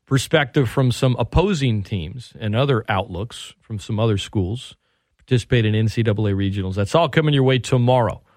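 A man's voice: on the low side, brisk, a little mellow, no echo, clean studio sound. Man hosting a sports radio show. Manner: conversational, reads station plugs and promos. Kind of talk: sports radio talk and wrap-up.

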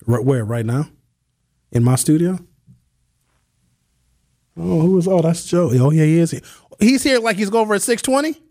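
A man hosting a radio talk show, speaking casually and telling stories in slangy, animated speech. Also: a little high, moderate pace, pauses often, no echo, studio quality. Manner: animated storytelling, slangy, reads listener texts. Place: radio studio. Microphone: studio microphone.

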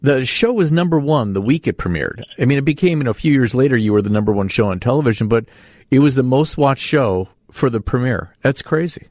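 A man's voice: medium pitch, expressive, a little fast, darkish tone, no echo, clean studio sound. A man hosting an interview, enthusiastic and affirming as he asks questions. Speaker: podcast interviewer. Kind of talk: casual interview.

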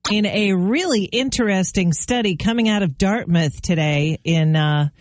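A woman's voice: medium pitch, moderate pace, dry recording, studio quality. A woman co-hosting a morning radio show, chatty and playful. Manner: chatty and playful, laughs often. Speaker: radio host. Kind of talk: casual morning radio banter. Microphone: studio mic.

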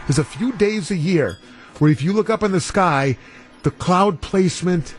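A male radio talk show host chatting casually into a studio microphone, rambling off on tangents and reading listener texts. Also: a little high.

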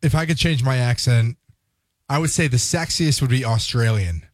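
A man's voice: mid-range voice, moderate pace, no room sound, clean studio sound. A man co-hosting a radio show who chimes in with short, playful remarks in casual banter. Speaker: radio co-host.

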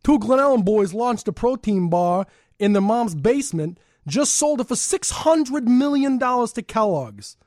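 A man putting on the voice of a gruff local Chicago guy reading the news, with exaggerated, drawn-out delivery. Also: extremely high pitch, lively intonation, darkish tone, dry recording, clean studio sound, pitched above the performer's own voice. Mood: mock-serious.

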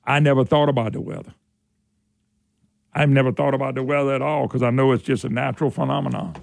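A man's voice: mid-range voice, fairly even intonation, quick pace, creaky, no room sound, clean studio sound. A man hosting a talk radio show, rambling in a folksy way and mocking people in put-on voices. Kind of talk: casual talk radio monologue.

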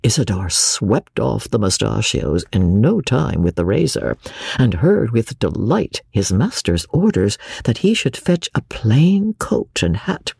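A man narrating a classic novel as an audiobook, reading in an expressive storyteller's manner. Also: fairly low pitch, measured pace, gravelly, breathy edge, no echo, studio quality.

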